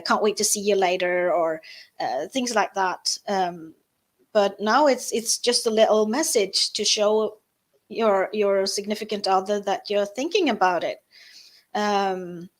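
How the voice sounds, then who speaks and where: Speaking at a medium pitch, a Norwegian-accented woman answers as a guest in a live interview. Her delivery is soft and halting, with lots of fillers and false starts.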